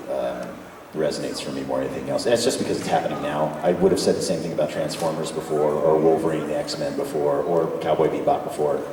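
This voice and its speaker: A man's voice: rumbling low, a little mellow. A man answering fan questions at a convention panel, enthusiastic and joking. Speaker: guest voice actor at a fan panel. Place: convention hall. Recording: echoey hall from far off with faint noise.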